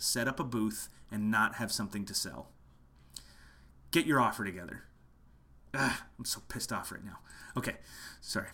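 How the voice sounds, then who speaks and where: A man with a lowish voice and a bright, forceful edge talks through a marketing lesson. He is passionate and emphatic, driving each point home by saying it again. It is a casual talk, recorded at home in the late hours. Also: moderate pace, breathy edge. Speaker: musician teaching online marketing.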